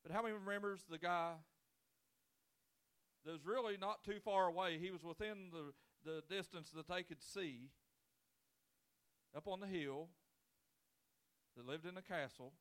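A man's voice: high voice, unhurried, pauses often, a bit bright, smooth. A man in his forties, a pastor preaching a sermon with folksy, joking storytelling and casual grammar. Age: 40s.

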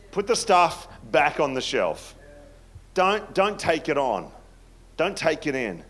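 Chatty man giving a conversational sermon. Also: mid-range voice. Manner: chatty and self-deprecating, often dropping to a soft, hushed tone. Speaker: pastor.

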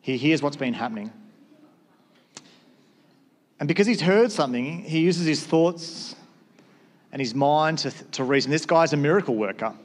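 A man's voice: on the high side, animated, normal speed, pauses often. Guy pastor preaching, casual and chatty, acts out little bits of dialogue. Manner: conversational, acts out short quoted exchanges. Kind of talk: sermon.

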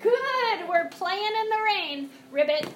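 This woman speaks in a high voice at a measured pace against a noisy background. She's a yoga teacher running a children's class in an echoey classroom or studio with music behind her, keeping things playful and encouraging through sing-song animal cues.

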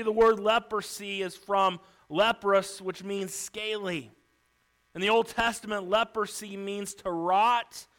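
Preacher guy telling a bible story all dramatic, clear smooth voice, takes his time. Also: sits high, sharp tone. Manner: vivid, theatrical retelling with acted outbursts.

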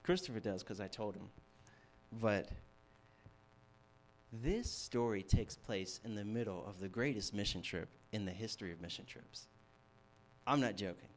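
A young man preaching a sermon, telling a story with animated shifts from hushed to loud. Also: on the low side, normal speed, pauses often, slight background noise. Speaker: campus ministry preacher.

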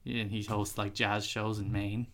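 A man's voice: on the low side, level tone, moderate pace, a bit bright. A man co-hosting a casual podcast chat, teasing his co-host and cutting in often.

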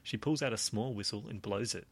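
A man's voice: fairly low pitch, fairly quick, husky. A man reading a gamebook aloud to friends in a playful, chuckling way. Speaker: reader running the game book.

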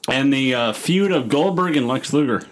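A man with a mid-range voice hosts a casual podcast, recapping wrestling at normal speed. He's animated and jokey, rambling along with many fillers.

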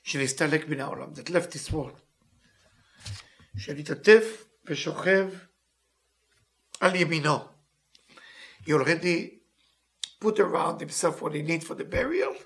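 Guy teaching live, reads a line then translates it in broken english, quick and bright, kinda high voice. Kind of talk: live text lesson, reading and translating.

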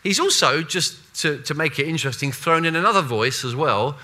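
Animated, bright-voiced male preacher. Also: fairly high pitch, a little fast. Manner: animated, conversational, with playful asides and voiced quotes. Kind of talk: sermon.

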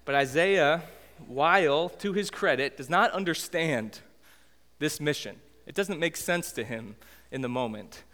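A man's voice: fairly high pitch, unhurried. Man preaching casually in a reverberant hall. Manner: conversational, animated storytelling. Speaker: pastor. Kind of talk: sermon.

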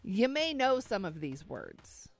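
A woman's voice: medium pitch, very animated, slow, creaky, soft background music. A woman co-hosting a morning radio show, chatting casually and reacting with playful indignation. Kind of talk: casual on-air banter. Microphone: studio microphone. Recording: dry studio sound.

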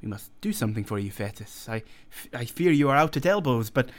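A man voicing a wealthy aging doctor who talks in a hurried, placating, stammering way. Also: mid-range voice, animated, natural voice. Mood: flustered.

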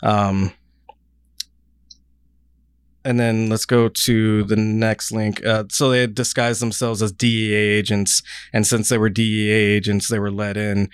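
A man with a low, smooth, resonant voice, recorded dry and close. He hosts a podcast in loose, casual chat, rambling and dropping swear words as he goes. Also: level tone, moderate pace, hardly any pauses, no room sound. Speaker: podcast host.

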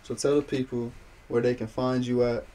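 A man's voice: mid-range voice, little pitch movement, moderate pace, mellow, a little hiss or hum. A man hosting a podcast, speaking in a laid-back way with brief, encouraging interjections. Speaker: podcast host. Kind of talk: casual podcast chat.

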